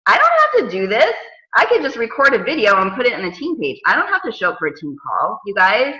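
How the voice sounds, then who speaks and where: A bright-voiced woman in her thirties chats to her team on a casual call, spinning stories with dramatic quoted asides. Her voice sits a little high and rings in an echoey room. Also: huge pitch swings, fast talker. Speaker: team coach.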